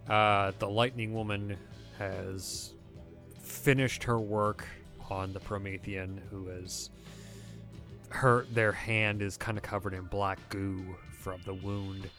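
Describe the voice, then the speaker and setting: A man narrating as game master of a tabletop game, relaxed and halting with frequent fillers. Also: lowish voice.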